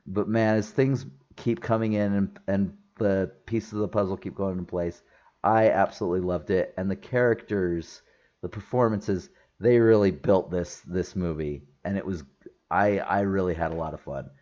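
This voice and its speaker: A man with a lowish voice chats through a movie review, laughing often and restarting his sentences as he goes. The recording is a little dull and lo-fi. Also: fairly even intonation, moderate pace, darkish tone. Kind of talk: casual spoken movie review.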